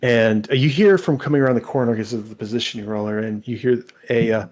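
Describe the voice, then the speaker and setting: A man's voice: medium pitch, fast talker, darkish tone. A man narrating a tabletop game as game master, rambling with frequent restarts. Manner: rambling, many restarts and fillers.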